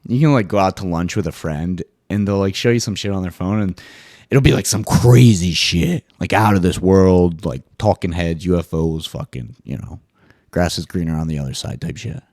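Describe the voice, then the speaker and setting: A man hosting a casual solo podcast monologue, swearing freely and jumping into high mock voices now and then. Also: normal speed, darkish tone, no echo, clean studio sound. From US East Coast. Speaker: podcast host.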